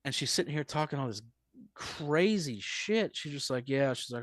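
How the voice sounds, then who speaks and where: A man telling a profane, rambling comic story as a comedian guest on a live podcast, swinging between loud bursts and mutters. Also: a little high, moderate pace, dry recording, clean studio sound. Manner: animated, profane, rambling anecdote with big swings in loudness.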